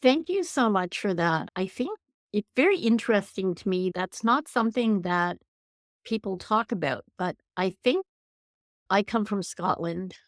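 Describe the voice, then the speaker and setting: A woman's voice: mid-range voice, lively intonation, measured pace, no room sound, studio quality. A woman with a Canadian accent hosting an interview, effusive and thoughtful, musing aloud as she talks. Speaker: podcast host. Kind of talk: conversational interview.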